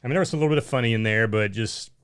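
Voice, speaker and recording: A man's voice: medium pitch, rapid-fire, smooth. A man co-hosting a casual chat, blunt and exasperated, often repeating himself and saying "man". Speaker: podcast co-host.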